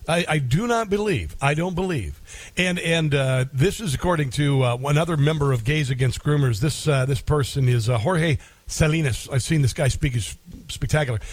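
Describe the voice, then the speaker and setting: Indignant talk radio host, dry and close. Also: male voice, fairly high pitch, moderate pace, dry recording. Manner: repeats phrases for emphasis; combative, indignant delivery. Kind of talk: opinionated talk radio monologue.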